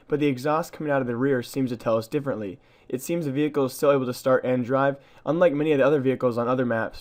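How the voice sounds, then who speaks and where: Fast-talking man narrating a game video. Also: medium pitch. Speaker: gaming channel host.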